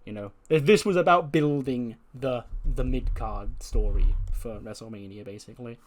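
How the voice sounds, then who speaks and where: Male video host narrating a game recap, casual, profane, mid-pitched voice. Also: moderate pace, a little hiss or hum. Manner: chatty, profane, laughs while telling.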